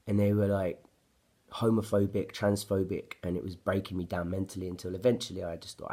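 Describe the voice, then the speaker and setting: A man's voice: deep voice, little pitch movement, a little fast, mellow. A man, telling a personal story to camera in an agitated, profane, blunt ranting way. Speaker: vlogger.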